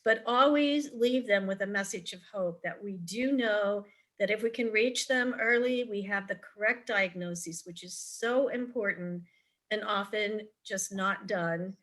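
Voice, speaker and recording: A middle-aged woman on a video call speaks at a measured pace in a mid-range voice. As a parent advocate at a virtual forum, she gives chatty, anecdotal advice, often pausing on "um" and starting over.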